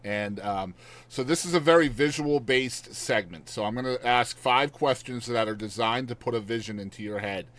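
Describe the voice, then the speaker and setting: A man's voice: mid-range voice, normal speed, a bit bright. A man hosting a podcast interview, upbeat and encouraging as he leads the segments. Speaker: podcast host.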